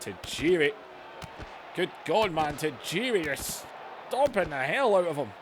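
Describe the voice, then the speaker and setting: A man giving excitable play-by-play commentary over a video game, going from low chatter to yelling. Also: measured pace, background noise. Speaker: gaming channel host.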